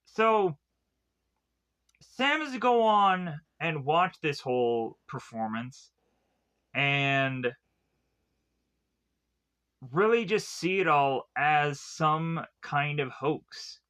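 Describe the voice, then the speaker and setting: Guy doing a chatty movie review, kinda high bright voice, rambles on with lots of likes and restarts. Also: expressive, very slow, long pauses, clear, resonant tone. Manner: rambling, filler-heavy retelling with many "like"s and restarts. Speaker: film reviewer. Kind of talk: casual spoken film review retelling the plot.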